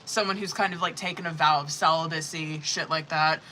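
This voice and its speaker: A woman's voice: sits low, fairly even intonation, a little fast, pushed and bright, slight background noise, poor audio. A woman running a live-streamed tarot reading in a casual, rambling way, with heavy swearing, many fillers and exasperated asides. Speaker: tarot reader.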